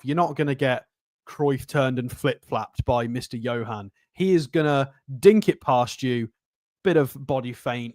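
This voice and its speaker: A man's voice: mid-range voice, a little mellow, no echo, clean studio sound. Chatty man breaking down football transfers. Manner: chatty, fast, analytical. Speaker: co-host. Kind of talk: casual football podcast analysis.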